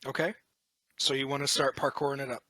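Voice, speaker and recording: A man narrates as game master, describing scenes and calling for dice rolls with relaxed good humor. His voice is bright, the sound is dry, and he has the pace of an easy storyteller. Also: medium pitch, quick pace, no echo.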